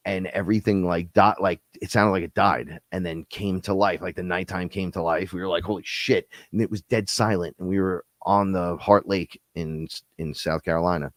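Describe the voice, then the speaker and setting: A man with a very deep, low voice talks into a close mic in a dry, dead-sounding space. He rambles through stories with a loose, profane, animated delivery, like a live show host chatting to his audience. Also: moderate pace, few pauses, dry recording. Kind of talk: casual spiritual talk-show monologue.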